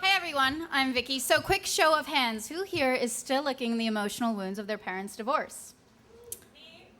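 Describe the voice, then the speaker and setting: A woman's voice: high-pitched, normal speed, bright, forceful tone. A woman in her twenties telling a comic personal story on stage, wry and self-deprecating with punchy delivery.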